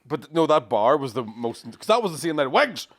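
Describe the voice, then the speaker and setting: A man's voice: fairly high pitch, very animated, moderate pace, a bit bright. A man co-hosting a comedy podcast, swearing and laughing through stories in casual banter.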